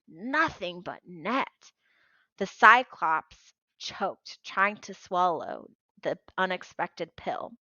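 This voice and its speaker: A woman reading a novel aloud in an expressive, lively storytelling manner. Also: lowish voice, no room sound, muffled recording. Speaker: audiobook reader.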